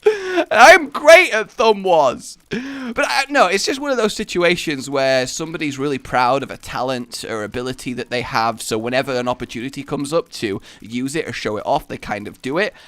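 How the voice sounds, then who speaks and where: Young gamer, bright lively voice, self-mocking rambling commentary. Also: male voice, medium pitch, a little fast, no echo. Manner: rambling, self-mocking, bursts into loud laughing shouts. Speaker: gaming YouTuber. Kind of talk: casual gameplay commentary.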